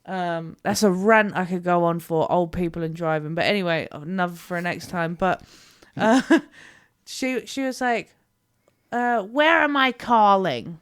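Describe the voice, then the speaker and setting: A woman's voice: lowish voice, unhurried, clean tone. A British woman co-hosting a podcast, telling rambling stories in casual chat, swearing freely and going off on tangents. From Britain. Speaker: podcast co-host.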